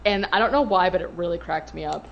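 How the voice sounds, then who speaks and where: A woman's voice: on the low side, quick pace, vocal fry, dull audio. A woman co-hosting a podcast, rambling through a casual movie recap full of fillers. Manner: rambling, filler-heavy storytelling. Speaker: podcast co-host.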